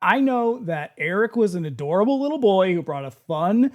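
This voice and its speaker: A podcast co-host chats casually, blunt and opinionated, joking and swearing with ease. The pitch is mid-range but very lively, rising and falling freely. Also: moderate pace. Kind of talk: casual chat.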